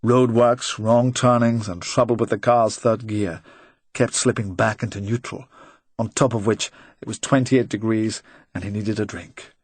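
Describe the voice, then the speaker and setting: A man narrating a crime novel in a measured, even reading. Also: on the low side, husky, dry recording. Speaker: audiobook narrator. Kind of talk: scripted narration.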